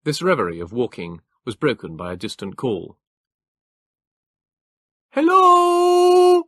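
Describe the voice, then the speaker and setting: A man reading an audiobook in a measured, even storytelling manner. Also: lowish voice, breathy edge, no echo, studio quality. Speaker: audiobook narrator. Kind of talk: scripted audiobook narration.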